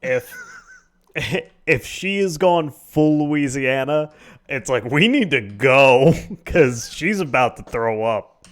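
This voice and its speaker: A man's voice: mid-range voice, takes it slowly. A young married man co-hosting a casual drinking stream, teasing his friend and chuckling often. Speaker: co-host.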